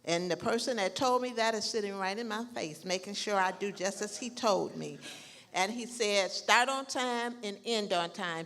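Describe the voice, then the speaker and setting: A woman's voice: mid-range voice, fairly bright tone. A woman chairing a public meeting, speaking plainly and in a businesslike way. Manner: plain, businesslike, a few fillers. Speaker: task force chair.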